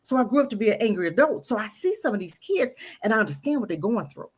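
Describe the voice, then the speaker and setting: A woman's voice: mid-range voice, big pitch swings, fast talker, breathy edge. A middle-aged woman talking candidly about her past as a guest, emphatic and repeating phrases for stress. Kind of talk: candid personal storytelling. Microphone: audio-only radio show recording.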